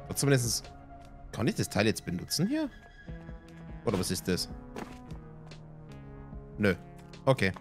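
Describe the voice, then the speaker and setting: A laid-back man giving casual gameplay commentary, amused and quick to laugh. His mid-pitched voice moves lively up and down, with game music clear behind him. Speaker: let's play host.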